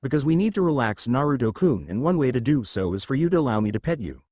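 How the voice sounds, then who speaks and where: A man voicing a confident, teasing young noblewoman in a read-aloud fan story, speaking calmly and coaxingly. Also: mid-range voice, quick pace, dry recording.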